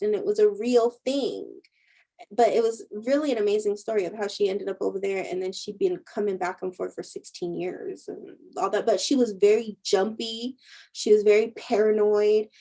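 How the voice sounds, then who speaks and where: A woman's voice: mid-range voice, darkish tone, poor audio. A woman spiritual teacher in a casual livestream chat, telling stories and laughing often. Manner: chatty storyteller, laughs often. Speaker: spiritual teacher and intuitive healer.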